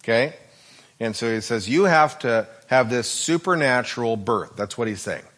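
A man's voice: mid-range voice, expressive, normal speed, fairly bright tone. A man preaching a sermon, explaining scripture in a conversational way and often checking in with the listeners. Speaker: pastor.

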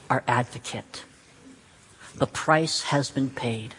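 Brief: unhurried male pastor preaching, earnest and repetitive, long hall reverb. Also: medium pitch, husky. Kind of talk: sermon.

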